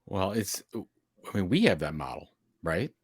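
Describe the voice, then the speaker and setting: A man's voice: low voice, very animated, a little slow, husky, no echo. A man co-hosting a casual podcast, weighing in with dry, sarcastic banter. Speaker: podcast co-host.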